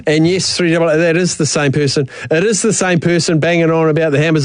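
Easygoing New radio host. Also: male voice, fairly high pitch, steady tone, quick pace, few pauses, dry recording. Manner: easygoing, banters, laughs often. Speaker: radio talk show host. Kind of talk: casual sports radio chat.

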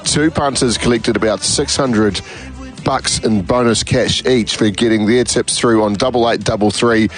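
A man's voice: lowish voice, normal speed, faint music behind. A man with a New Zealand accent hosting a sports radio show in a studio, upbeat and chatty. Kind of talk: casual radio chat. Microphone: studio mic.

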